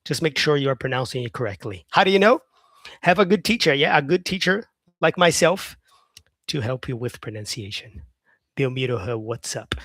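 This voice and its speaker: A man's voice: medium pitch, fairly bright tone, dry recording. A man teaching English on a live stream, chatting with viewers by name, saying "yeah" often and modelling words by repeating them.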